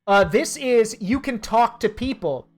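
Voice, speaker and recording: A woman streaming a game, reading its dialogue aloud and reacting with excitable, profane commentary over faint game music. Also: fairly high pitch, unhurried. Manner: excitable, swears and laughs, comments freely.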